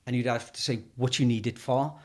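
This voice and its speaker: A man hosting an interview, relaxed and plain-spoken, swapping anecdotes from his own work. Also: medium pitch, brisk. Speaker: podcast host. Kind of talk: conversational interview.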